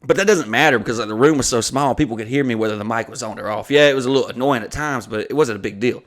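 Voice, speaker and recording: A man's voice: medium pitch, racing. A man, a comedian hosting a podcast, telling a rambling, profane story in casual chat. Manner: rambling, profane, animated retelling.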